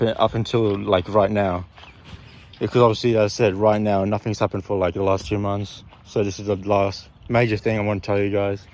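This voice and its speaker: A man's voice: lowish voice, darkish tone. A young man telling a rambling storytime vlog from a park, full of fillers and restarts, filmed on a phone with faint outdoor noise.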